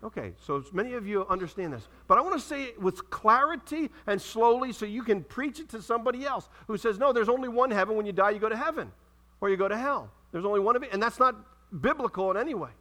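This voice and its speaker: A man preaching a sermon in a church, reading scripture aloud and calling out questions to the congregation with dramatic pauses. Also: high-pitched, lively intonation, pushed and bright. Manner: preaching with dramatic pauses and audience call-outs. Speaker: pastor.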